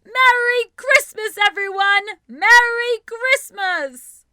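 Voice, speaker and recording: A woman voicing an old miserly man in a storybook, read in her own high bright voice. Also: expressive, takes it slowly, no room sound, studio quality, exaggerated voice. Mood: joyful. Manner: storybook reading, barely changed voice. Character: rich old miser man, regretful then joyful.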